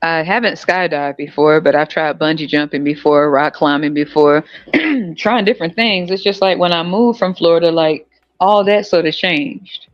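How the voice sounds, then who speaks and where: A man with an American country accent hosting a casual livestream chat, animated and profane, laughing often and jumping into high squeals. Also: moderate pace. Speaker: podcast host. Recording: dull lo-fi audio with faint music.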